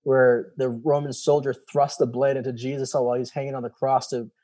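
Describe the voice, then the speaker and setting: Man, thirties, mellow warm tone, mid pitch, animated storyteller, casual interview. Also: fairly quick. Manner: animated storytelling, acts out quoted voices, casual swearing. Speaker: guest, former special operations soldier.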